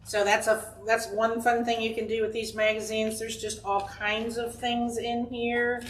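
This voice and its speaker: A woman reads rhymes to young children in a slow, encouraging voice and leaves room for them to guess the ending. She is recorded from across the room in a library, so the sound is roomy. There is faint ambient noise behind her. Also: on the high side, flat delivery. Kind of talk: reading aloud to children. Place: inside a library. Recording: roomy sound from a distant camera.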